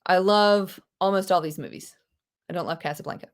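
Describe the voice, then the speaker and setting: Chatty teacher on a video call. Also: female voice, fairly low pitch, fairly quick. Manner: lively, chatty, gasps with delight, quotes movie lines in put-on voices. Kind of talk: live online class, casual teaching.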